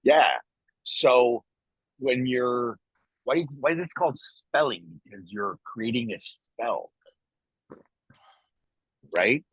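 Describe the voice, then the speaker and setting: Husky man rambling in casual chat. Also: medium pitch, slow, long pauses, no echo, poor audio. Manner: rambling, emphatic, swears casually. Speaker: podcast co-host.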